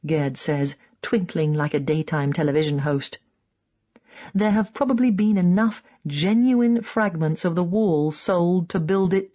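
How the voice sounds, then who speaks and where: A woman's voice: a little mellow, muffled recording. Woman reading an audiobook in first person. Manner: reads in first person, voicing quoted speakers with raised pitch. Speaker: audiobook narrator. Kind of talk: scripted narration.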